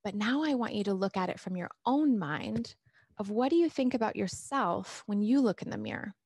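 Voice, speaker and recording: A woman's voice: mid-range voice, animated, normal speed, darkish tone, slightly rough, no echo. A middle-aged woman talking casually to her viewers on a live stream, restarting sentences and reading out their comments as a weight loss coach. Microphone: camera mic.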